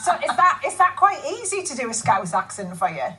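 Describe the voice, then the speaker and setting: A woman's voice: high voice, sing-song, sharp tone, far from the mic, faint music behind. Upbeat woman TV host. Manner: friendly, quick, affirming with frequent "yeah". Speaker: TV talk show host. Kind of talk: casual TV interview. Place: TV studio.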